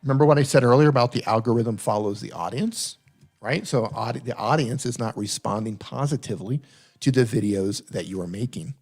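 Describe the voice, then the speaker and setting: A man's voice: mid-range voice, brisk, darkish tone, breathy edge. A man hosting a live stream Q&A, coaching viewers on their channels, often repeating himself for emphasis. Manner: coaching, repeats himself, reads chat aloud. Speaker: host. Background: faint funk music.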